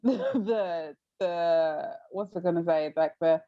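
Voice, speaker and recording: A woman's voice: lowish voice, slow, highs cut off. A woman with an English accent co-hosting a podcast, chatting casually in a blunt, exasperated way. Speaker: podcast co-host. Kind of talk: casual chat.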